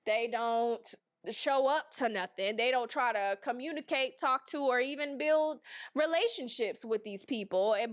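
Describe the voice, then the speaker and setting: A woman astrologer talks through a casual forecast in a lightly raised voice. She is chatty and animated, peppering her points with "okay?" and "right?" and playfully voicing the planets. The sound is dry and close. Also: sits high, no room sound.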